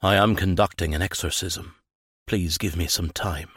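A worn-out missionary priest , read by a man, commands a spirit in a low, weak, solemn voice. The sound is close and dry. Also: fairly even intonation, moderate pace, a bit bright, husky, no echo. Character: weary missionary priest performing an exorcism.

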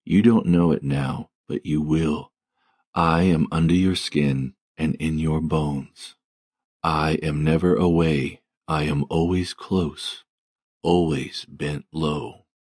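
A man voicing a tender fatherly God who comforts a frightened child in a scripted devotional reading, soft and hushed. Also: rumbling low, fairly even intonation, slow, breathy edge, no echo, studio quality, exaggerated voice. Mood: tender, soothing.

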